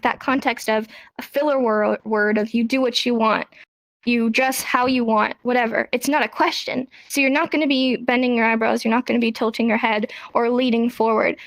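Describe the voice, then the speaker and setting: Young woman teacher, casual and chatty, slightly high voice, dry close mic. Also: no echo, low-quality recording. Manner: chatty, acts out example dialogue with rising pitch. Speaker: sign language teacher. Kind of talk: casual spoken lesson answering questions.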